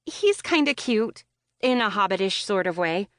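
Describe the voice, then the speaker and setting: A woman's voice: medium pitch, lively intonation, normal speed, a bit bright, no echo, studio quality, natural voice. A woman playing an awkward, flustered young gamer. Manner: self-conscious, flustered, earnest.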